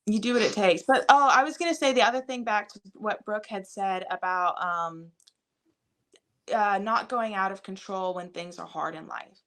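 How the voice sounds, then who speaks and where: A woman's voice: mid-range voice, moderate pace, fairly bright tone. A young adult woman talking casually as a podcast guest, rambling with many fillers. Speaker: guest, fitness coach and mother.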